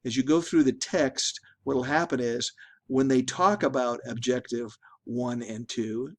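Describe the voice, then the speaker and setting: A man's voice: medium pitch, a little slow. A middle-aged man teaching a statistics class in a conversational lecture, often repeating and restarting words. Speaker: statistics instructor. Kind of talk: recorded lecture.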